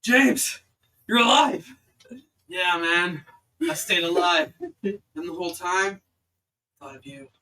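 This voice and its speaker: Man doing a stoner best friend, gushing, loud, bright voice, distant mic. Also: sits high, expressive, slow, pauses often, pitched above the performer's own voice, full character voice.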